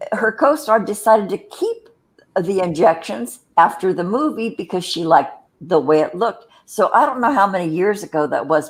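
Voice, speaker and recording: Low-voiced chatty woman host. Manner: chatty, wry, rambling anecdotes. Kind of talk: casual podcast chat.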